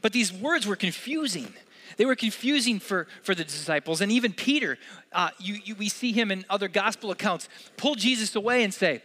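Bright high-voiced male preacher. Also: animated, a little fast. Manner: conversational, earnest preaching with casual asides. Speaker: pastor. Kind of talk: sermon.

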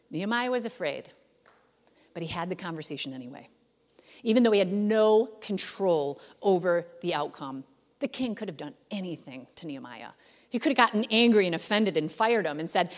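A woman's voice: medium pitch, moderate pace. Woman preaching in a reverberant hall. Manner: conversational, animated when acting out quotes. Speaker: pastor. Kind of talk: sermon.

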